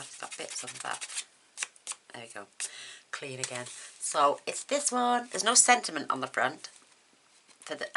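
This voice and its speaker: A woman hosting a card-making tutorial at home, chatting casually and thinking aloud as she works, with quick laughs. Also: rumbling low, pushed and bright, a little hiss or hum. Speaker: craft tutorial host. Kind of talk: casual demonstration chat.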